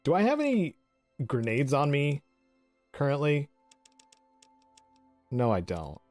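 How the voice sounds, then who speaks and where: A man's voice: on the high side, huge pitch swings, takes it slowly, darkish tone, no echo, faint music behind. A man giving casual game commentary, chatty and giggly, often restarting his sentences. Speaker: let's play host.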